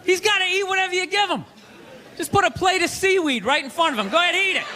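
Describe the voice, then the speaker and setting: A man doing a stand-up comedy routine on a theater stage, ranting loudly and acting out voices of other people. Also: extremely high pitch, animated, quick pace, a little hiss or hum. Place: theater stage before a live audience. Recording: live theater recording with crowd laughter.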